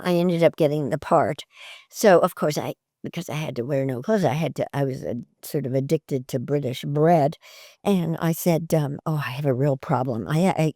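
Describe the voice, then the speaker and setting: An older woman with a slightly low voice recounts stories from her career in a relaxed interview. She talks casually and animatedly, laughing between lines and lifting her voice for quotes. The sound is dry and close, with no room around her. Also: no echo. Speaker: actress interviewee. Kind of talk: conversational storytelling interview.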